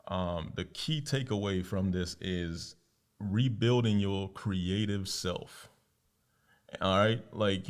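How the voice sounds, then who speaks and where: A man co-hosting a casual podcast, talking in a rambling way with many fillers and repeated words. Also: low voice. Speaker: podcast co-host. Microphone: podcast mic.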